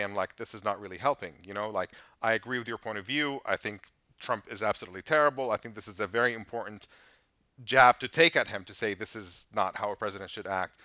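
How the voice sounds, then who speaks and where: Earnest man, bright dry voice. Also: fairly low pitch, dry recording. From United States. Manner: earnest, measured, speaks in long reflective stretches. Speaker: podcast guest. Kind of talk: casual podcast conversation.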